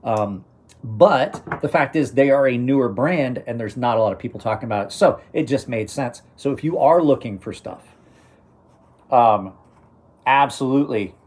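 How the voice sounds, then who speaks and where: A man's voice: mid-range voice, normal speed, a little mellow. A middle-aged man hosting a knife channel, chatting casually on a live stream and rambling with many restarts. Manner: rambling, restarts sentences, chuckles to himself. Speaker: knife review channel host.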